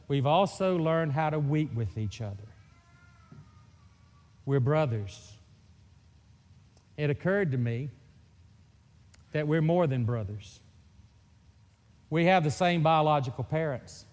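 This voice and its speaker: A middle-aged man with a Mississippi Southern accent preaches in a folksy, teasing storyteller's way. His voice sits a little high for a man. Long reverb from the church hall trails behind every phrase. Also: a little mellow. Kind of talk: sermon.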